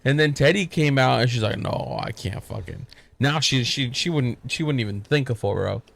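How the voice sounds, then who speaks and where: A man's voice: medium pitch, brisk, creaky, fairly bright tone. A young father hosting a casual podcast chat, animatedly telling stories about his kids and acting out their voices. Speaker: podcast host.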